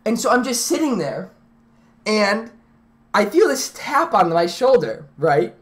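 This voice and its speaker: Excitable young woman rambling on stream. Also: mid-range voice, measured pace. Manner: rambling, excitable, many restarts and "like"s. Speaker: live streamer. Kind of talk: casual storytelling to a live chat.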